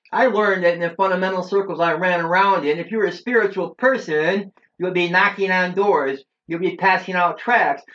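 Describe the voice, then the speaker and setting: High-voiced middle-aged man, earnest testimony. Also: a bit bright. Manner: earnest, preachy storytelling with frequent "uh" fillers. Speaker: church member giving his testimony. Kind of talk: personal religious testimony. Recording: dull lo-fi recording.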